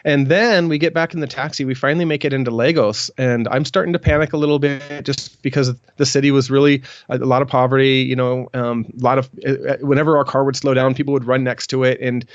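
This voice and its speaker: A man's voice: mid-range voice, fairly even intonation, fast, few pauses, no room sound. Middle-aged male guest, rambling storyteller, dry close sound, a little muffled. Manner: rambling, many restarts and ums. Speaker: podcast guest. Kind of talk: storytelling in an interview.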